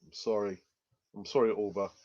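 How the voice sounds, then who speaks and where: A man's voice: fairly low pitch, level tone, moderate pace, warm tone. A man from England hosts a casual fan channel chat, rambling and repeating himself with many fillers and a cough. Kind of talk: casual live chat reading comments. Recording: muffled lo-fi audio.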